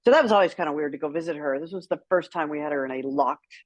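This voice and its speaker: Animated husky-voiced woman telling stories. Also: low-pitched, very fast, no echo, dull audio. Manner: animated, acts out quoted dialogue with laughs. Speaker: guest, author. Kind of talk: candid conversational storytelling.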